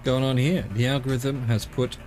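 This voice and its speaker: A man's voice: mid-range voice, flat delivery, moderate pace, darkish tone, soft background music. Rambling playful male game streamer. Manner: rambling, playful, talks to himself and the scenery. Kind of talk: casual live-stream commentary.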